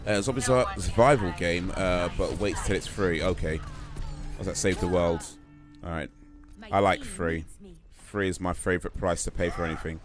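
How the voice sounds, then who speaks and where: A man's voice: low voice, moderate pace, music in the background. A tired man streaming a game, chatting casually and answering viewer comments as he plays. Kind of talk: casual live-stream chat while gaming. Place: home gaming setup in the UK.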